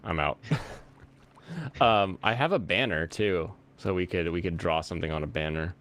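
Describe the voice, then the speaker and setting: Low-voiced man chatting over a game. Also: moderate pace, fairly bright tone. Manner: rambling, easily amused, thinks aloud. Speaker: host. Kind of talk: casual chat while playing a video game.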